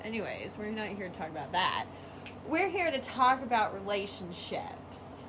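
A woman's voice: mid-range voice, sing-song, moderate pace. A young woman co-hosting a podcast in casual chat, giggling often and musing aloud. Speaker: podcast co-host. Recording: clear background noise.

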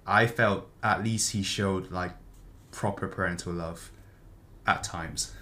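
A man's voice: low-pitched, fairly even intonation, takes it slowly, pushed and bright. A man in casual chat about a book, hesitant and thinking aloud as he talks. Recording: faint background noise.

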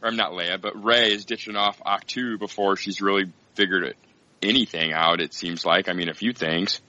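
A man with a low but bright, forceful voice, chatting in a relaxed and agreeable way as a podcast co-host. His mic sounds dull and lo-fi, and the sound is dry with no room. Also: normal speed, dry recording. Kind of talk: casual film discussion.

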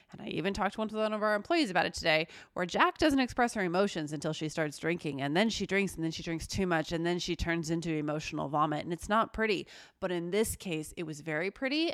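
A woman's voice: fairly low pitch, animated, brisk, a bit bright, no room sound, studio quality. A woman in her thirties co-hosting a podcast, telling personal stories in casual chat and swearing often. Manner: storytelling, frequent swearing. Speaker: podcast co-host.

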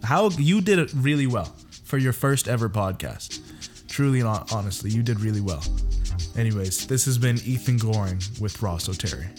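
A young man from Canada hosting a casual podcast, telling animated, joking stories. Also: lowish voice, normal speed, faint music behind. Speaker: podcast host.

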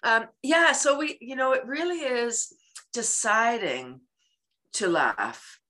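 Woman interview guest: bright, animated and expressive, breaks into laughter, plays out everyday moments. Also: on the high side, slow pace. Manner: animated, laughs often, acts out everyday scenes. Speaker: guest, laughter yoga advocate. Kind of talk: casual interview talk.

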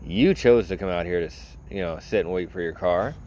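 A man's voice: low-pitched, a little fast, darkish tone, slight background noise. A man in a casual vlog, rambling and sarcastic, full of "you know" as he tells a story. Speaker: vlogger. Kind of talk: casual rant.

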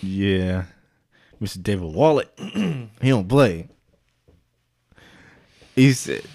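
A man's voice: sits low, animated, slow pace, long pauses, darkish tone, no room sound, clean studio sound. Laid-back joking man. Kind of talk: casual comedic chat.

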